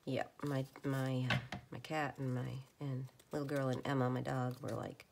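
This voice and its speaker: Low gravelly woman chatting while crafting. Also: level tone, normal speed, slight background noise. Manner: chatty, rambling, often drops to a soft whisper. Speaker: crafter making journal ephemera. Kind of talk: casual crafting chat. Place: home craft table.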